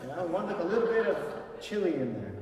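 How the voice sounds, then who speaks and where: A man conductor coaching a singer in a master class, emphatic and animated, often singing phrases to show them. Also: high-pitched, fast talker. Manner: animated, emphatic, sings and speaks phrases to demonstrate. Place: concert hall. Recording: echoey hall from far off.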